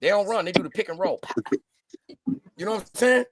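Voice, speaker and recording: A man chatting casually, telling animated stories and acting out the people in them. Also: sits high, brisk, no echo. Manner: animated storyteller, doing voices. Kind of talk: casual chat.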